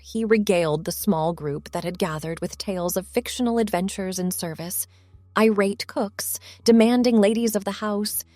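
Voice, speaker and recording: Calm woman narrating a story. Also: medium pitch, no room sound. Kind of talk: scripted narration.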